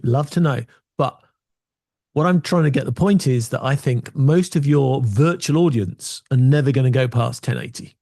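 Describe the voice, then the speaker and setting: A man's voice: medium pitch, warm tone, no echo. A man giving casual, opinionated tech talk from his small home studio, full of wry asides. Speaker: video tech presenter.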